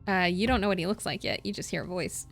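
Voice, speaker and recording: Bright-voiced woman running a tabletop game. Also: lowish voice, lively intonation, fast talker, gravelly, soft background music. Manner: rambling description full of "uh" and "like". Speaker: game master.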